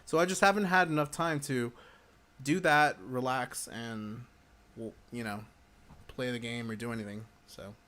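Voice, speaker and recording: A man talks through a casual livestream Q&A with gum in his mouth, sounding hyper. His pitch sits right in the middle for a man. He rambles, cuts himself off and jumps between answers to viewer questions. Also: normal speed, sharp tone. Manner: chatty, rambling, self-interrupting. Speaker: livestreamer and game community manager.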